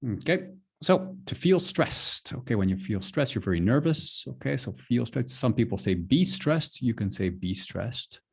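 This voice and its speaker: A man teaching an online English lesson, explaining phrases slowly and repeating "okay" often. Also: medium pitch, expressive, gravelly, breathy edge. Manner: slow, repetitive explaining with many "okay"s.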